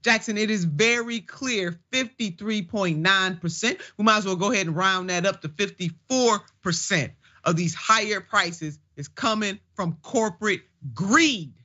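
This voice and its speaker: A woman's voice: mid-range voice, unhurried, sharp tone, lo-fi sound. A woman hosting a political commentary show, talking in an emphatic, folksy, preacher-like way. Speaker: show host.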